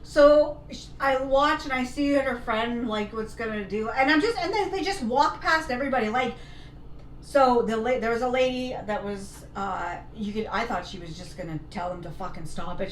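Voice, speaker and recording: A woman's voice: a little high, moderate pace, slight background noise. Older woman ranting, roomy echo. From Canada. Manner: animated ranting storyteller, heavy swearing. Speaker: co-host. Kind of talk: casual chat. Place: home kitchen.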